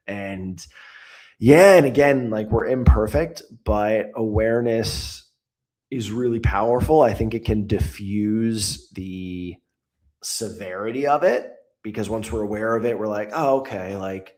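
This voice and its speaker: A man speaking as a guest in a casual interview, answering in a reflective, thoughtful way. He often restarts as he works through an idea. His voice sits slightly low. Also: unhurried, a little mellow.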